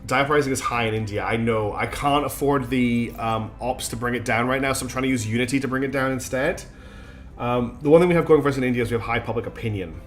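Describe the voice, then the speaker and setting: A man with a mixed British accent, with traces of Scottish and Australian in it, streams and comments on a strategy game. He thinks aloud in a chatty way and fills pauses with "um". Faint game music plays underneath. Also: medium pitch. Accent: mixed British English with Scottish and Australian traces. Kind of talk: live gameplay commentary.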